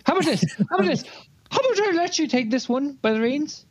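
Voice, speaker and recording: A woman's voice: high-pitched, animated, fast. A woman playing a tabletop game, joking and swearing. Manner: loud, profane, joking. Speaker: player. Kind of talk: casual tabletop game chat. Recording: dull, dry mic.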